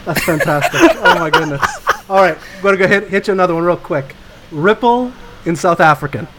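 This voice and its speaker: A man's voice: high voice, fairly quick, background noise. Canadian man co-hosting, laughing. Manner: laughing, easily sidetracked. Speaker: co-host. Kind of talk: casual chat.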